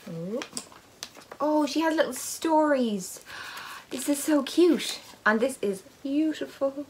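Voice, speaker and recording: A high-voiced woman speaks slowly over a noisy background as she unboxes advent yarn. She's a knitting vlogger and podcast host, rambling casually and dropping self-deprecating asides.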